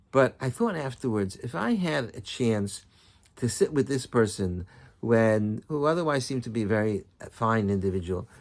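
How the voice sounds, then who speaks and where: A man's voice: fairly low pitch, creaky, a little mellow. A middle-aged man, a rabbi, telling a story in a sermon, often restarting and repeating words.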